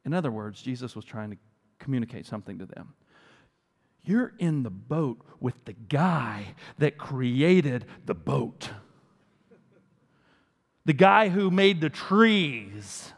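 A male pastor preaching a sermon, telling a story in an animated way and asking rhetorical questions. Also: mid-range voice, takes it slowly, pauses often, in a large hall.

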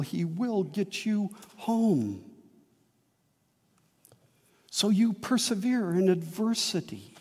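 A man preaching a sermon as a pastor, earnest and emphatic, with slow dramatic pauses. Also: high voice, a little mellow, in a large hall.

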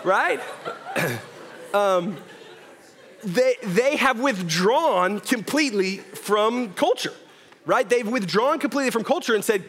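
Man preaching, fairly high voice, young, loose and jokey, lots of "right?". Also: lively intonation, slow pace, pauses often, a bit bright. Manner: casual, joking, conversational preaching with many "right?" tags. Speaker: pastor. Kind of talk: sermon. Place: church hall with audience.

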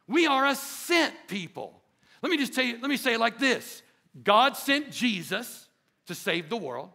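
Man, pastor, sermon, high voice, gravelly, call-and-response. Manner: call-and-response preaching, rising to emphatic shouts.

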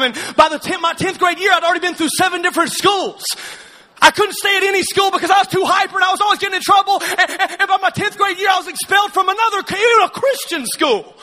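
A man from Alabama speaking on stage to a live audience, telling his story with humor, energetic and often shouting, firing quick questions at the crowd. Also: extremely high pitch.

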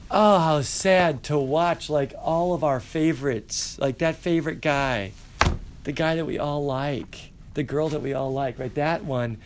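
A man's voice: fairly high pitch, a little slow, slight background noise. Playful man lecturing a class. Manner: animated, playful, asks the class questions. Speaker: high school teacher.

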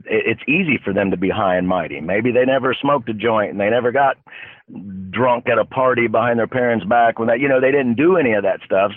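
A man hosts a casual faith talk in a blunt, preachy, fired-up way. His voice sits at an ordinary pitch. It comes through a narrow, telephone-like band with no room sound at all. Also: no room sound. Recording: narrow phone-like dry sound.

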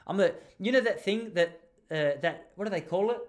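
A man's voice: high voice, moderate pace. A young Australian man hosting a podcast, telling rambling, jokey stories in casual chat. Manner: rambling, jokey, animated storytelling with laughs. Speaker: podcast host.

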